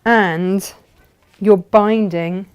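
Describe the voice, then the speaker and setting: Woman craft host, unhurried, chatty, thinks aloud mid-demo. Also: medium pitch, fairly even intonation, clean tone. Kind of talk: live craft demonstration.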